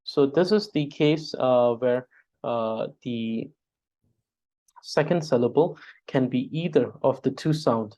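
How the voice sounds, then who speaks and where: A man teaching a spelling lesson, drilling syllables aloud patiently with many pauses. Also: medium pitch, dark tone, dull audio. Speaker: Tibetan language teacher.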